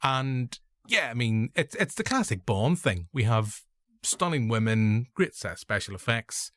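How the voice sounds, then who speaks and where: A man's voice: mid-range voice, sing-song, measured pace, fairly bright tone, dry recording, clean studio sound. A young man with a Northern Irish accent hosting a casual film review podcast, rambling and correcting himself with joking asides. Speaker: podcast host.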